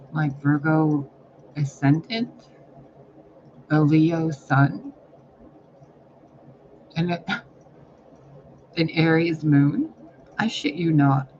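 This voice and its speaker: Rambling, profane spiritual reader, slightly high. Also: male voice, slight background noise. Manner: rambling, profane, animated storytelling. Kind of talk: casual spiritual reading monologue. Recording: dull lo-fi recording.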